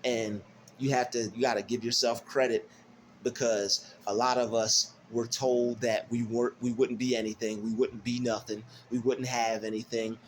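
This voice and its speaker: A man's voice: mid-range voice, level tone, normal speed, a little hiss or hum. A man giving a casual, rambling motivational monologue, often repeating and restarting his words. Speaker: motivational vlogger.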